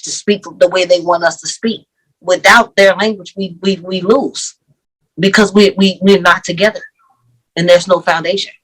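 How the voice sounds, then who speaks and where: A woman co-hosting a casual podcast discussion, talking in a measured, reasoning way with some restarts. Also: on the low side, low-quality recording. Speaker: podcast co-host.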